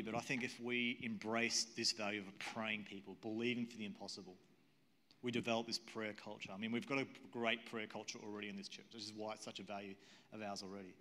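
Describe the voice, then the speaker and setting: A man's voice: fairly low pitch, bright, forceful tone. Earnest man preaching in a big hall. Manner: earnest, repetitive, asks the audience questions. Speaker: pastor. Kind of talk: sermon. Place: church auditorium. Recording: long hall reverb.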